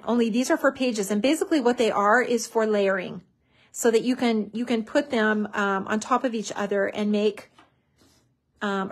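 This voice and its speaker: A woman hosting a crafting tutorial, chatting enthusiastically as she glues and layers papers. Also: mid-range voice. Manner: chatty, enthusiastic, lots of "so cute". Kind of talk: casual crafting demonstration.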